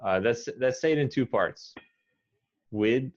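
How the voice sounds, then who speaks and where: An American man teaching English pronunciation one-on-one, patiently correcting and modeling words slowly. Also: mid-range voice, expressive, muffled recording.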